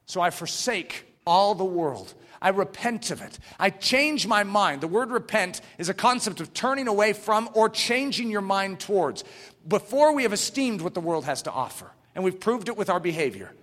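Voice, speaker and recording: A man preaching a sermon with passion, rising to shouts and dropping to hushed near-whispers. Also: sits high, expressive, moderate pace, in a large hall. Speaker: pastor.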